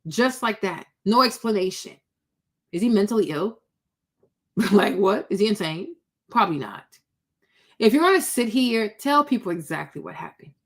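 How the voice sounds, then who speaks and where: A woman's voice: mid-range voice, animated, moderate pace, long pauses. A woman giving blunt, sassy reaction commentary, scolding someone with pointed rhetorical questions. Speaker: commentary vlogger.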